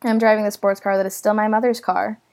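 A woman's voice: mid-range voice, little pitch movement, quick pace, a little mellow. Chatty young woman telling a story. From United States. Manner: chatty, self-deprecating, dramatic asides. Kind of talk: casual storytelling vlog.

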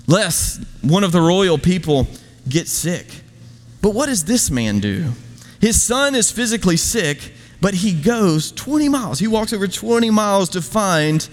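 Male pastor, sermon delivery, rhetorical and conversational, slightly high voice, long hall echo. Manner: rhetorical questions, emphatic, conversational asides.

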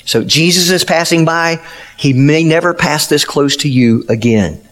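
Man pastor, sermon, earnest emphatic storyteller, slightly high voice. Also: measured pace, a bit bright.

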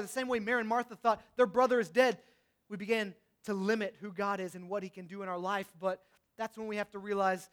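Young guy preaching, pretty high voice, goes from fired up and loud to quiet and soft. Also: fairly even intonation, brisk. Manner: swings between passionate, loud outbursts and hushed, reflective tones. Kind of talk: sermon.

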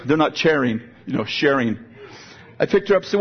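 A man's voice: on the high side, a little fast, creaky, breathy edge. An older man preaching a sermon in a conversational way, often repeating words as he builds a point. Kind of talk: sermon with storytelling. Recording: dull, lo-fi sound.

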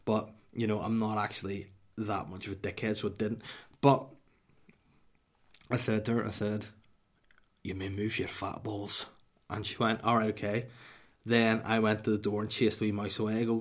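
A man's voice: fairly low pitch, steady tone, moderate pace. A young Northern Irish man hosting a podcast, telling a comic story in a sweary, mock-dramatic way and dropping to a whisper for punchlines. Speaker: podcast host.

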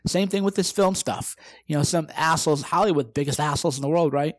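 Man, brash and profane, motivational talk, slightly high voice, dry close mic. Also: expressive, brisk, dry recording. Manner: brash, profane, acts out quoted exchanges. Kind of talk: direct-to-camera motivational talk.

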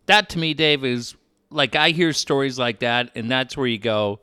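A man's voice: medium pitch, a little slow, clear, resonant tone, no room sound, clean studio sound. A man telling stories in a casual chat, swearing often and acting out the people he quotes. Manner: profane, animated, acts out quoted people.

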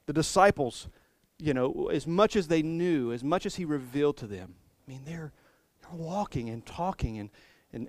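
A male pastor delivers a sermon in a relaxed, conversational way, mixing humor with reflective musing. His voice sits a little higher than most men's. The recording is dry and close, with no room echo.

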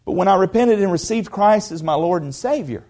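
A man preaching with a slightly higher-than-average voice. He talks to the congregation in a folksy, conversational way and stumbles over repeated words. His delivery swings between hushed, soft passages and loud, emphatic peaks. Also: lively intonation, fairly quick. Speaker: pastor. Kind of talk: sermon.

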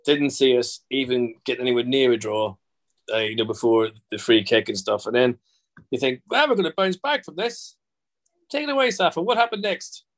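A man's voice: medium pitch, expressive, fairly quick. A man hosting a casual football podcast, jokey and chatty. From England. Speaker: podcast host.

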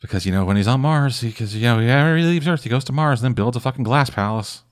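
A man casually recapping a comic book on a podcast, rambling and swearing often, with dry, deadpan asides. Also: medium pitch, racing. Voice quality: rambling, profane, deadpan summary. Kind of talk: casual chat.

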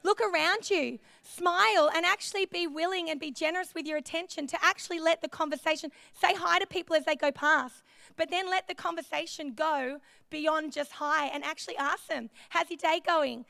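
A woman's voice: extremely high pitch, normal speed, gravelly, pushed and bright, no echo. A woman preaching a sermon in a chatty, self-deprecating way, telling personal stories in a church.

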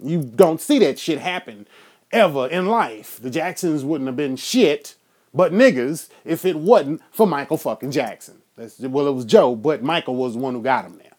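A man, hosting a show, ranting in a loud, profane way, laughing now and then. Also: a little high, lively intonation, moderate pace. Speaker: podcast host. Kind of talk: profane political rant.

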